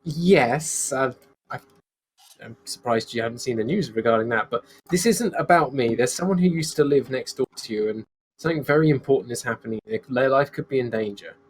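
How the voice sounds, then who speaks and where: A man's voice: mid-range voice, fairly quick, breathy edge, lightly acted. A man voicing a polite, earnest superheroine, speaking in his own voice. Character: polite superheroine questioning a neighbour.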